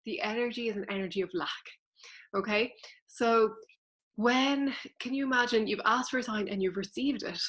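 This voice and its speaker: A woman's voice: fairly high pitch, moderate pace, fairly bright tone. A woman, a spiritual teacher explaining things earnestly and directly to her viewers in a casual vlog.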